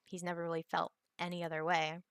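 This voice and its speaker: A woman's voice: on the low side, monotone, fast talker, fairly bright tone, clear, resonant tone, no echo, studio quality. A young woman, telling a personal story in a casual vlog, rambling with many fillers and restarts. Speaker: vlogger.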